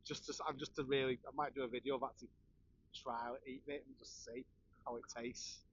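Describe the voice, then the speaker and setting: A man's voice: mid-range voice, flat delivery, brisk, fairly bright tone, muffled recording, a little hiss or hum. A man with a Scouse accent, chatting and ranting with a laugh as he hosts a live stream. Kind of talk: casual chat.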